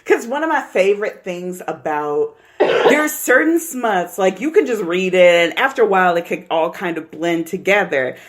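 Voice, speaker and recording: Animated, laughing woman in casual chat. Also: on the low side, normal speed. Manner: animated, laughs often, acts out quotes. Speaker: podcast co-host.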